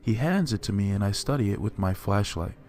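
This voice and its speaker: A man narrating a horror story in a steady, measured first-person telling. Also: fairly low pitch.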